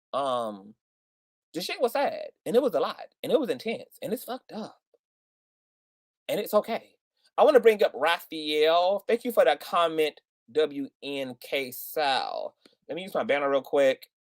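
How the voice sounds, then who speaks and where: A man's voice: a little high, very animated, normal speed, no room sound. A man hosting a casual livestream chat, talking expressively and reacting to a caller. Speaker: livestream host.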